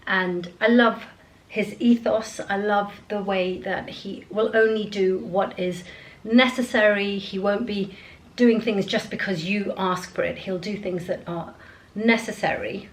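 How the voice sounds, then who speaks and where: A woman talks straight to her camera at home, casual and rambling, chatting away while she goes through her routine. Her voice sits at an ordinary, middle pitch for a woman. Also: steady tone, unhurried, poor audio. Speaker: beauty vlogger. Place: at home, indoors.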